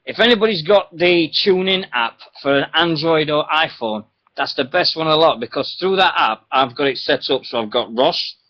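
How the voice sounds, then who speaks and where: Chatty radio host. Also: male voice, fairly high pitch, moderate pace. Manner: chatty, rambling, laughs often, animated storytelling. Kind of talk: casual radio chat. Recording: dull lo-fi internet radio audio.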